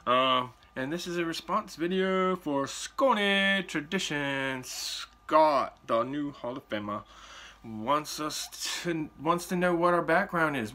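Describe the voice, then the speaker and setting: Animated chatty man with a bright voice. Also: fairly high pitch. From Puerto Rican heritage. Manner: animated, chatty, drawn-out emphasis. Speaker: vlogger. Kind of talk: casual response video. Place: indoors at home.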